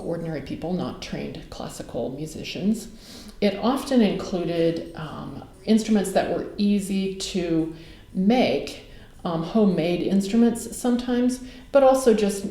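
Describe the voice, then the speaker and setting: A woman giving a casual video lecture from her home music room, relaxed and dotted with ums and uhs. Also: on the low side. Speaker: teacher. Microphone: camera mic. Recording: roomy echo of a home room.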